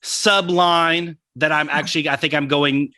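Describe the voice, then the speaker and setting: This is a man with a Texan accent co-hosting a podcast, talking eagerly about his collection and laughing easily. His voice is bright and sits somewhat high for a man. The recording is close and dry, with no room sound. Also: steady tone, measured pace, no echo. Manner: chatty, enthusiastic collector, laughs often. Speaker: podcast co-host. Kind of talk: casual podcast chat.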